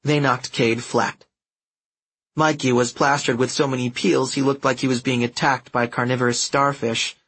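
A man's voice: medium pitch, flat delivery, moderate pace, fairly bright tone, slightly rough. A man reading a first-person story aloud in a wry, dramatic storytelling manner. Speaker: audiobook narrator. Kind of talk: first-person audiobook narration.

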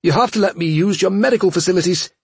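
A man voicing a panicked alien traveler in a much higher, rushed, pleading voice. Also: flat delivery, husky, dry recording.

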